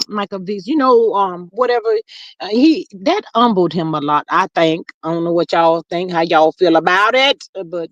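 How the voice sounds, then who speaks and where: Casual livestream host, reading viewer comments aloud. The talk is gossipy and full of drawn-out fillers and asides. The voice sits at a middle pitch and sounds close and dry, with no room echo. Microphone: streaming mic close up.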